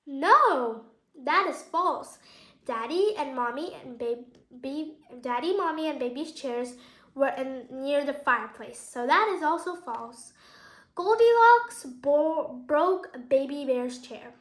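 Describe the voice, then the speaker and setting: A woman with a high voice reads a picture book aloud for children, pausing to chat about the pictures and quiz her listeners. Her voice rings in an echoey room. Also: lively intonation, fairly bright tone. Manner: casual, explains the pictures and asks questions. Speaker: children's story reader.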